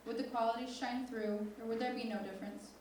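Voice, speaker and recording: A teenage girl recites a spoken word poem with slow, deliberate intensity, her voice a touch high. She is heard from a distance in a big echoing hall, with faint room noise behind her. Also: fairly even intonation, darkish tone. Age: teens. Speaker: student poet. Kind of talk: spoken word poetry reading. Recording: echoey hall from far off.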